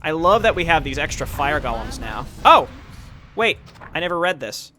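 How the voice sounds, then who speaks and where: A man's voice: on the high side, very animated, normal speed, bright, forceful tone, a little hiss or hum. A man giving casual gameplay commentary as he plays, thinking aloud. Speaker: game streamer.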